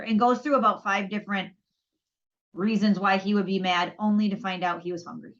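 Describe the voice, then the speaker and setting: On dull lo-fi audio, a podcast co-host with a medium-pitched, fairly even voice talks fairly quickly. In a casual chat, she recounts a story, voicing both sides of earlier conversations.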